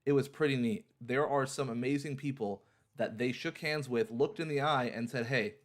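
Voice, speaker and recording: A man's voice: mid-range voice, normal speed. A young man hosting a livestream in a casual, upbeat way, repeating his phrases like an auctioneer. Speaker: livestream host.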